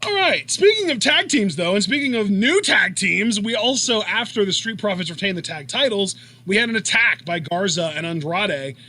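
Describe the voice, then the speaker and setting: Bright-voiced young man chatting wrestling. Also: sits high, lively intonation, normal speed, few pauses, no echo. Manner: chatty, rambling, laughs easily. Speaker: co-host. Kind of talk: casual wrestling commentary chat.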